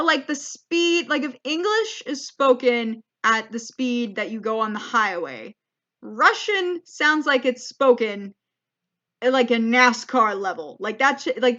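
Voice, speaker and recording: A woman's voice: fairly high pitch, bright, forceful tone, dull audio. A young woman, a comedian, telling a rambling, self-deprecating travel story as a vlog monologue. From United States. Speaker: comedian vlogger.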